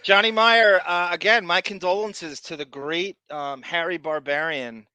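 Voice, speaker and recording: Bright-voiced animated male podcast host. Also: on the high side, measured pace, dry recording. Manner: animated, laughs often, reads viewer messages aloud. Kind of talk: casual livestream chat.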